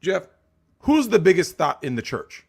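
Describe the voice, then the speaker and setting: A man's voice: sits high, huge pitch swings, normal speed, creaky. A man guest on a podcast, talking in an emphatic, opinionated way and checking agreement with frequent rhetorical questions. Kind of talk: casual podcast chat.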